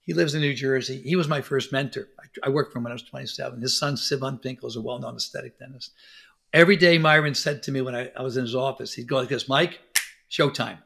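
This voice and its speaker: A middle-aged man telling stories as a guest on an interview, animated and acting out quoted lines. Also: medium pitch, quick pace, gravelly. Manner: animated storyteller, acts out quotes. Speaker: podcast guest, dentist. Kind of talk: conversational interview.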